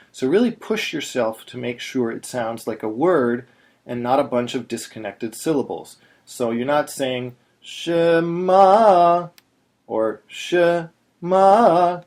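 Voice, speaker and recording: A man teaching Torah chanting in a plain, patient voice, stopping to sing short chanted examples. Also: medium pitch. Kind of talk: instructional video narration.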